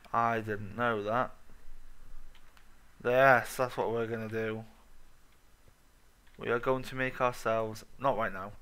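Young gamer, unhurried and bright-toned, mutters and curses casually through his gameplay. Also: lowish voice, little pitch movement, clean tone. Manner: swears often, mutters and hums to himself while playing. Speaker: gaming commentator. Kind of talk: let's play commentary.

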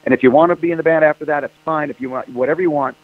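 A man's voice: a little high, steady tone, racing, dry recording. A man, a rock singer, telling stories in a casual interview and acting out phone calls in quoted voices. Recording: dry tinny phone line.

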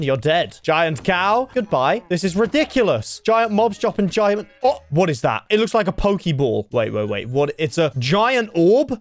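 A man hosting a Minecraft challenge video, commenting excitedly and often yelping in panic. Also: fairly high pitch. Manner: excitable, jumping from calm remarks to panicked yelps. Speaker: gaming video host.

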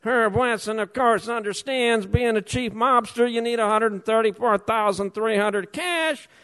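A man's voice: sits high, normal speed, a bit bright, pitched below the performer's own voice. A man putting on a mocking gangster mobster. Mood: mocking menace. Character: tough-talking male mobster, menacing. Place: council chamber.

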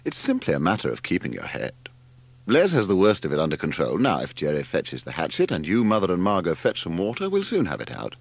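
A man's voice: deep voice, wildly swooping pitch, fast talker, creaky, husky, exaggerated voice. A man reading aloud, voicing a self-important young man who drawls with lofty superiority. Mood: haughty.

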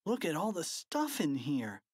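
An audiobook reader voicing an excitable young schoolboy sidekick with a wide-eyed, eager delivery. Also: mid-range voice, measured pace, breathy edge, no room sound, clean studio sound, voice pushed up, exaggerated voice. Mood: excited. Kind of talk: audiobook character voice.

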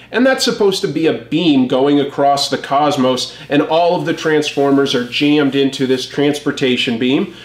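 A man giving casual, wry commentary on a comic as a review host. His voice sits a little on the high side. The room adds a noticeable echo.

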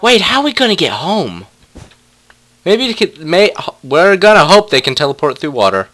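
A man's voice: a little high, very animated, moderate pace, fairly bright tone. A young man casually commentating a block-building game, playfully talking to his pet wolves. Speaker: let's play gamer.

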